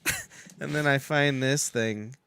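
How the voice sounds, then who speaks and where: A man's voice: mid-range voice, a little slow, creaky, pushed and bright, smooth, dry recording. A man hosting a casual podcast chat, telling rambling stories and swearing freely. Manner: rambling storyteller, swears a lot. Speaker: podcast host.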